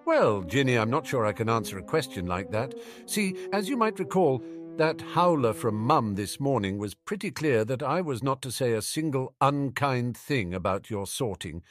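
A man's voice: mid-range voice, very animated, normal speed, faint music behind, lightly acted. A man voicing a resentful teenage boy who speaks with dry sarcasm. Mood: sarcastic. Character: bitter, sardonic teenage boy.

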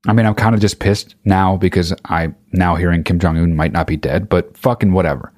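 A man's voice: low voice, fairly even intonation, a little fast, a little mellow, no room sound, clean studio sound. A man delivering an exasperated, profane comedic rant, swearing constantly and speeding up as he gets angrier.

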